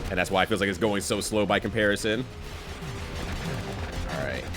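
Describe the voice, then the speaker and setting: A man's voice: on the low side, normal speed, loud music behind the voice. A man chatting casually with his viewers while playing a game, laughing often. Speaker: streamer. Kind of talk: casual gameplay commentary.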